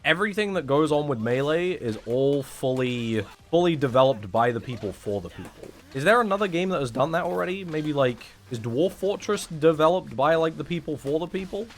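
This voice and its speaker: A young man, talking casually and sarcastically to his chat on a live stream, rambling and swearing often. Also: mid-range voice.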